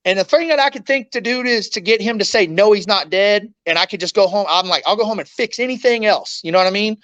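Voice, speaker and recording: A man's voice: sits high, fast talker, fairly bright tone, dry recording, lo-fi sound. A man, an interview guest telling a painful story in raw, blunt words, swearing often and acting out what others said.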